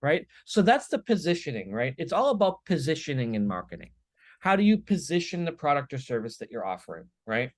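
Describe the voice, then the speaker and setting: A man speaking as a guest on a business podcast, with energetic, emphatic storytelling full of quick "right?" tags. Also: on the high side, dry recording. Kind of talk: podcast interview.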